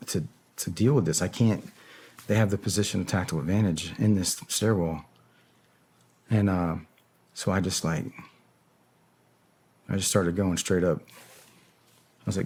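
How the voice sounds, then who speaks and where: Low-voiced man telling war stories. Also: normal speed, pauses often, slightly rough. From United States. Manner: profane, heavy filler words, acts out yelled quotes. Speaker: podcast guest, former special operator. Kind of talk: casual storytelling interview.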